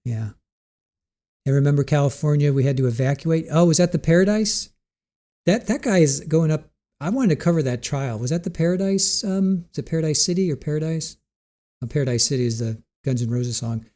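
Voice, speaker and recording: A man hosting a live stream, chatting casually and reading viewer comments aloud, rambling and thinking out loud with frequent restarts. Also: on the high side, lively intonation, fairly quick.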